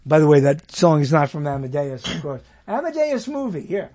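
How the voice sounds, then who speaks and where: A man's voice: fairly high pitch, sing-song, fairly quick, a loud crowd. A man hosting a talk show in casual chat, rambling and trailing off mid-thought. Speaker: show host.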